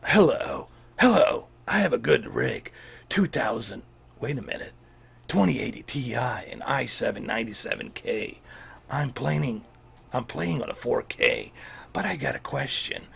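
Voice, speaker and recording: Solid Snake, a man doing a gruff, hushed soldier. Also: medium pitch, big pitch swings, a little slow, full character voice. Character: gruff low-voiced male soldier, terse and serious.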